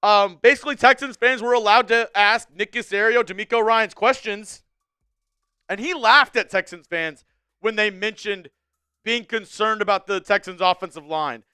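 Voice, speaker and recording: A young man hosting a live sports talk stream, chatting casually and ranting with a fan's animated energy. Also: high voice, normal speed, smooth, no room sound, clean studio sound. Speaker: sports show host.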